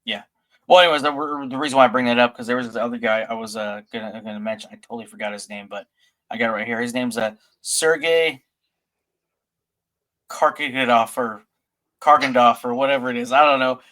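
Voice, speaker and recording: A man's voice: mid-range voice, steady tone, fast talker, fairly bright tone. A man hosting a podcast, retelling a story in a loose, casual way with many fillers and restarts. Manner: rambling, filler-heavy retelling. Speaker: podcast host.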